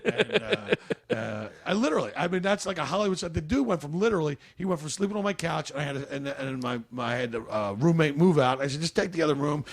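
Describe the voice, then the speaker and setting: A man's voice: on the high side, animated, fast talker. A man, a comedian guest, chatting casually on a podcast, rambling and restarting as he tells stories. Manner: rambling, restarts often, storytelling.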